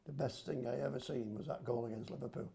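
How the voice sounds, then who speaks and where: This older grandfather, a podcast guest, talks fast in a mid-range, creaky, dark voice. Rambling and homely, he tells football stories in casual local slang as part of a relaxed storytelling chat.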